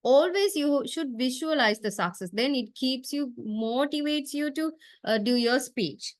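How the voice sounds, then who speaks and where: A woman's voice: sits high, unhurried, no room sound. A woman lecturing to a class, explaining step by step with frequent uh fillers and a questioning "right?" tag. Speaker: university lecturer.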